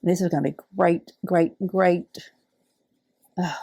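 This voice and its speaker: A middle-aged woman, warmly unboxing donated fabric in heartfelt, awed casual chat. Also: on the low side, fairly even intonation, slow, gravelly, dry recording, studio quality. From Alabama. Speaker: quilting channel host.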